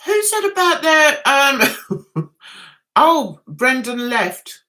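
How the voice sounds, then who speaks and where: A woman's voice: high-pitched, very animated, very slow, bright, forceful tone. An English woman hosting a casual livestream, chatting and answering viewer comments aloud, often laughing. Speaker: livestream host.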